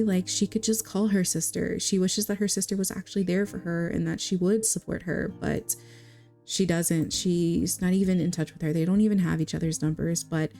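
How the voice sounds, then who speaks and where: A woman's voice: fairly low pitch, creaky, warm tone. A young woman giving chatty, giggly gameplay commentary, talking straight to her viewers. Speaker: gaming video creator.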